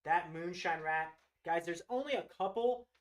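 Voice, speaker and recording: High-voiced, excited man hosting a live sale. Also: normal speed. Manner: enthusiastic, gushing over animals. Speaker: host of a live reptile sales show. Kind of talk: live-stream product showcase.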